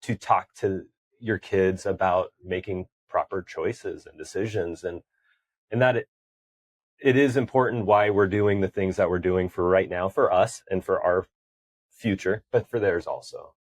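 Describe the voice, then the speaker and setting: Low-voiced man speaking thoughtfully, haltingly. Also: no echo. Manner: thoughtful, halting with frequent fillers. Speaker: podcast co-host. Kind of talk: conversational podcast chat.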